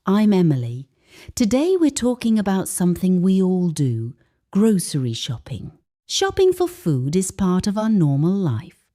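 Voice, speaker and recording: Woman doing a slow english lesson, mellow voice, lots of ups and downs, reads phrases clear. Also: huge pitch swings. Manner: slow and clear, sample phrases read with a higher lilt. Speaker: English teacher.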